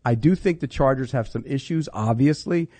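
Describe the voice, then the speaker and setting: A man's voice: mid-range voice, moderate pace, mellow, slightly rough, no room sound. A man hosting a sports betting chat, emphatic and teasing, repeating words for stress.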